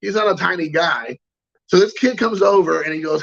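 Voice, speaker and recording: A man's voice: high voice, moderate pace, vocal fry, a bit bright, lo-fi sound. A man hosting a collecting show, telling a rambling anecdote in casual chat and greeting viewers. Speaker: card collecting show host.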